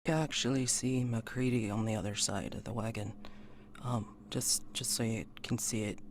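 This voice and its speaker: A man narrating a tabletop game as game master, in a slow, halting way. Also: medium pitch, steady tone, a little hiss or hum.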